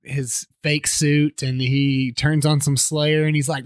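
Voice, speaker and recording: A man co-hosting a relaxed sports podcast, recounting ads with lively impressions and chuckles. His voice sits a little high. The sound is dry and close, with no room echo. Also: clean tone. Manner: animated retelling of ad scenes with quick voice impressions and laughs. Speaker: podcast co-host. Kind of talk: casual chat.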